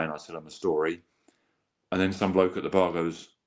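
A man's voice: sits low, fairly even intonation, quick pace. A man telling his story as a guest in an earnest, rambling way, often restarting sentences and acting out quotes. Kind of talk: candid conversational storytelling.

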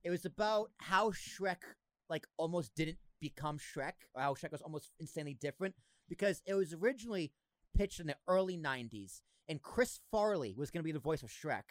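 A young man hosting a podcast, chatting casually, excitable, swearing and laughing a lot. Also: fairly high pitch, a little fast, no room sound. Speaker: podcast host. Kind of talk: casual chat.

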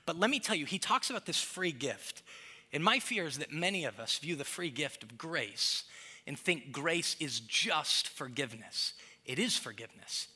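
Man preaching, very bright tone, slightly high voice, swells to emphatic peaks, sermon delivery. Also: lively intonation, normal speed, husky. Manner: preaching with rising emphasis, quoting his toddler in soft voices. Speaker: pastor.

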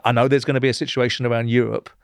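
A man's voice: mid-range voice, level tone, racing, gravelly, smooth, dry recording, clean studio sound. A man hosting an interview, blunt and challenging, cutting in with pointed questions. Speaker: interview host. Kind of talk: confrontational interview.

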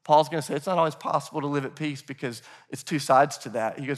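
Speaking fast in a slightly high voice, a Nashville pastor delivers a sermon in church with a relaxed, casual tone. He addresses the congregation as "guys" and performs the voices of figures from scripture.

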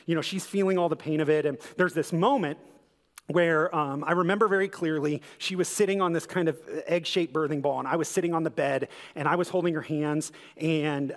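A man's voice: on the high side, fairly bright tone. A young man preaching a sermon, earnest and conversational, telling a personal story before building to a fervent close. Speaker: pastor. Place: church sanctuary. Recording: reverberant church hall.

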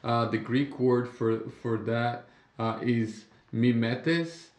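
Brazilian-accented man in a roomy echo. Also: mid-range voice. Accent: Brazilian Portuguese. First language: Portuguese. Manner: halting, many restarts, animated when telling stories. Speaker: podcast co-host. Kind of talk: casual Bible study discussion.

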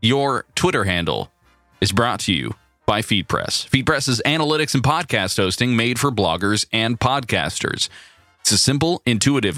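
A man's voice: lowish voice, fairly bright tone, dry recording. A male podcast co-host in casual joking chat, stumbling over restarts as he reads a sponsor spot.

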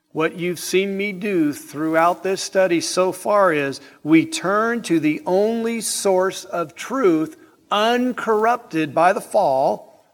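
A man preaching an evening sermon in a church sanctuary, emphatic and deliberate, asking the congregation rhetorical questions. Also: high-pitched. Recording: hall reverb in sanctuary.

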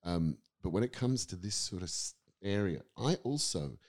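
Middle-aged male guest with a very low voice, reflective and rambling in casual talk. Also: lively intonation, moderate pace, darkish tone. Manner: thoughtful, rambling with restarts. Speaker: guest, acting teacher. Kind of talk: casual podcast conversation.

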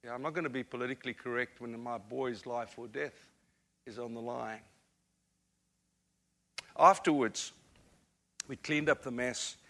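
Bright-voiced preacher with an African accent. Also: male voice, medium pitch, fairly even intonation, measured pace, pauses often. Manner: earnest, self-deprecating, repeats words when building up. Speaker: guest preacher. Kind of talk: sermon with storytelling.

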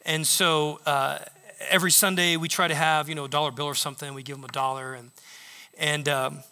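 A man pastor preaching a sermon in a church, telling stories with animated retellings of what others said. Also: a little high, brisk, smooth. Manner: animated storytelling, acting out quotes. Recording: long reverb of a large hall.

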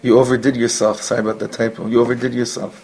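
A man's voice: medium pitch, level tone, racing, a little mellow, breathy edge, poor audio. A man teaching a class, telling a Hasidic story mixed with Yiddish and Hebrew words and asides to his students.

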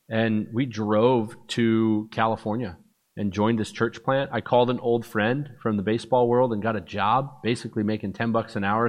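Man, lowish voice, relaxed conversational testimony talk with plenty of fillers and acted-out quotes. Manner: conversational, filler-heavy storytelling; acts out quoted dialogue. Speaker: speaker sharing his testimony.

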